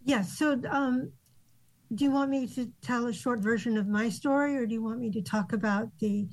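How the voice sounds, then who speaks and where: A woman who grew up in Japan, a guest author answering interview questions thoughtfully, with many pauses and ums. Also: a little high, a little mellow, low-quality recording.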